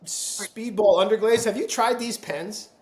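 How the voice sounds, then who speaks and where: A man's voice: sits high, a little slow. A man hosting a casual video-call chat from his home pottery studio, friendly and talkative, laughing often. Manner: chatty, laughs often, breaks into playful voices when quoting. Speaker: podcast host. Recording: roomy studio echo.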